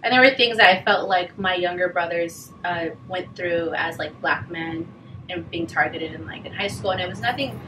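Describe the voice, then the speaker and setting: A woman's voice: fairly low pitch, normal speed. A young woman, a guest, telling stories from her school years in a casual conversation, acting out the people she quotes. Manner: animated storytelling, acts out quoted voices. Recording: distant mic, faint background noise.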